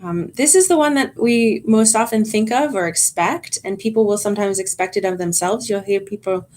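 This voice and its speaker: A woman chaplain giving a gentle training talk to volunteers, calm and explaining, with frequent ums and restarts. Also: medium pitch, normal speed.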